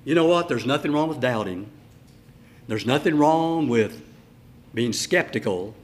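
An older man preaching a sermon, telling a story with dramatic swings between loud and hushed. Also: medium pitch, expressive, a little slow. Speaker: pastor. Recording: echoey room.

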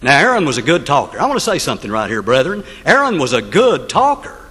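A man's voice: mid-range voice, wildly swooping pitch, quick pace, bright, forceful tone, slightly rough. A man preaching a sermon, telling the story dramatically and putting rhetorical questions to the congregation. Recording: long hall reverb.

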